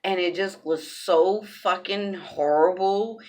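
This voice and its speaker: A woman's voice: lowish voice, takes it slowly, darkish tone. A woman telling a personal story in a casual vlog, cursing bluntly, repeating phrases for emphasis, raw and emphatic.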